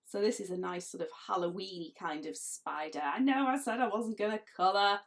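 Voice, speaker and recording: A woman's voice: mid-range voice, fairly quick. A middle-aged woman, chatting playfully as she leads a drawing lesson for children. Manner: chatty, playful, laughs often. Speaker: illustrator teaching drawing.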